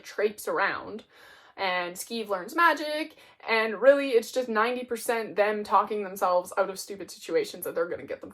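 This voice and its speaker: A young woman reviewing her monthly reads on camera. She talks in a relaxed, rambling way, dropping "like" into nearly every sentence. Her voice sits at an ordinary middle pitch. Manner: chatty, peppered with "like". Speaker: book reviewer. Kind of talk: casual chat.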